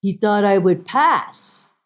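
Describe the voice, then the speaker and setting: A woman voicing her elderly immigrant mother, who speaks in slow, clipped, halting English and keeps a matter-of-fact tone. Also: medium pitch, expressive.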